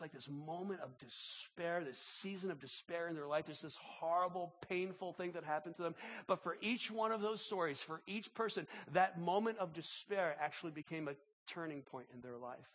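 A man preaching a sermon as pastor, impassioned and halting, often repeating words as he builds. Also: fairly high pitch, breathy edge.

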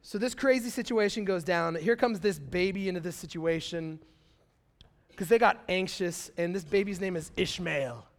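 A young man preaching a sermon in a casual, animated storytelling way, full of slang and acted-out quotes. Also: high-pitched, normal speed. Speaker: pastor.

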